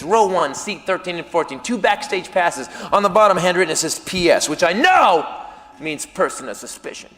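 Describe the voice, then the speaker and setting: A man telling a stand-up comedy story, animated and yelling his punchlines. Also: sits high, in a large hall, a little hiss or hum.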